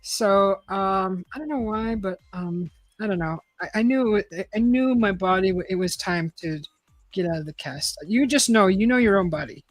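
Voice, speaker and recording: A woman's voice: medium pitch, normal speed, no echo, faint music behind, low-quality recording. Chatty woman on a dry, close mic. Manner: rambling and chatty, with frequent restarts and laughs. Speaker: host. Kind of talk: casual chat and reading aloud.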